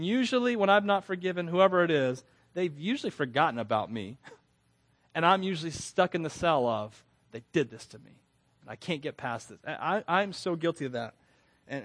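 A man giving a conversational sermon, candid and self-deprecating, often laughing between phrases and restarting words when earnest. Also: on the high side. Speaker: preacher.

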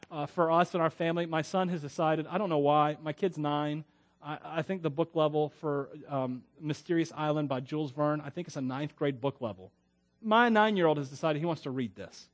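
A man's voice: a little high, fairly quick. A middle-aged man preaching a conversational sermon, joking often and reading scripture aloud with emphasis. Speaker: pastor.

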